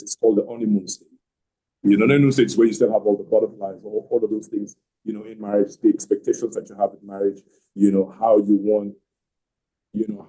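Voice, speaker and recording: This is a roughly recorded online call in which a middle-aged man, the host, recounts his marriage at length in a rambling way, with many repeated words and fresh starts. His voice sits on the low side, mellow yet slightly rough.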